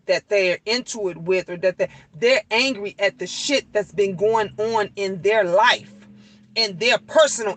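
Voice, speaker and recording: A middle-aged woman tells viewers a story in a casual, animated way. She curses freely and repeats lines for emphasis. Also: medium pitch, no echo, poor audio. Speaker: vlogger.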